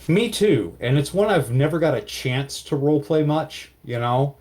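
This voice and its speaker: A man's voice: a little high, lively intonation, moderate pace, darkish tone. A man narrating as game master, in vivid, casual storytelling with many fillers.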